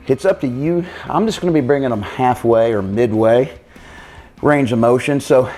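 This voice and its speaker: A man coaching an abs workout, counting reps out loud as he exercises and talking out of breath. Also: medium pitch, moderate pace. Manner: counting reps aloud while exercising, casual. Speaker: fitness coach. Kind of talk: workout demonstration.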